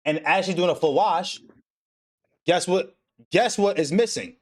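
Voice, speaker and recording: On his stream, a young man whose voice is a little high for a man recaps an anime episode in casual podcast chat, cursing freely and acting out each character's lines. His loose, excitable storytelling still has an unhurried pace.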